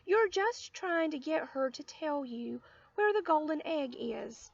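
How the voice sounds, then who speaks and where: A woman voicing a sly little girl who sounds sweet but sharp, in a storybook reading. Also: high-pitched, lively intonation, unhurried, creaky, dry recording, heavily acted. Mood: accusing. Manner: sugary then sharp. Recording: dull lo-fi audio.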